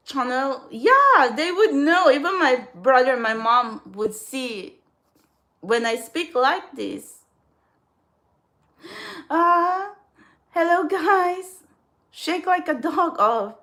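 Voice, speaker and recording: A woman vlogs in a loose, rambling way to her audience. Her voice sits fairly high, and she laughs often and keeps restarting her sentences. She gets blunt and scolding when she turns to trolls. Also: fairly bright tone. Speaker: vlogger. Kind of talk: casual rambling vlog.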